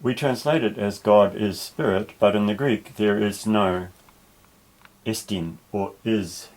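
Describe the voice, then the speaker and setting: Lesson narration: lower-pitched male teacher, patient, methodical, unhurried explanations. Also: low-quality recording. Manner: patient, careful, with small restarts. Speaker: Greek teacher.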